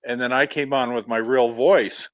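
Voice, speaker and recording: Even-voiced man telling a story on a livestream. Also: mid-range voice, normal speed, lo-fi sound. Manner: storytelling, chatty. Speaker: livestream co-host. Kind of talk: casual livestream chat.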